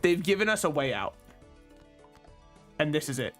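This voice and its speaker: A man hosting a casual gameplay commentary with a slightly high voice. He jokes at the game and at himself as he plays, over a faint music bed. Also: sing-song, normal speed, a bit bright. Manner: joking, self-deprecating, talks to the game. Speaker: gaming channel host.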